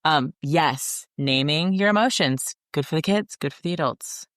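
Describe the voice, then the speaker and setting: Low-voiced woman podcast host. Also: normal speed, fairly bright tone, no room sound, clean studio sound. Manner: chatty, wry, many fillers. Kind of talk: casual interview chat.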